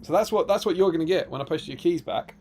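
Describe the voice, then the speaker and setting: A live stream co-host with a fairly high, slightly mellow voice talks fast over faint background music. He chats casually, rambles through stories full of restarts and self-interruptions, and reads the chat aloud.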